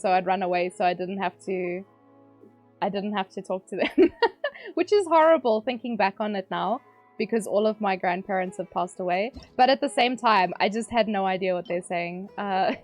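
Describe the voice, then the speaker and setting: A woman streamer chatting casually while she plays, talking loosely with lots of fillers and frequent laughter. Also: mid-range voice. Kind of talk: casual chat while gaming.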